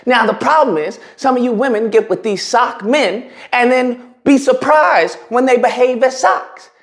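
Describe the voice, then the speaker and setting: A man's voice: very high-pitched, unhurried, a bit bright. A man giving blunt, provocative opinion commentary on a video, talking in a mocking and emphatic way. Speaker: commentary YouTuber.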